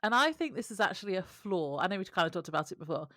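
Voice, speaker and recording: A woman's voice: fairly low pitch, expressive, rapid-fire, bright, forceful tone, no echo, clean studio sound. A woman co-hosting a podcast, recapping a TV episode in casual chat with a wry, laughing manner. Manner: wry, laughs often between remarks. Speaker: podcast co-host.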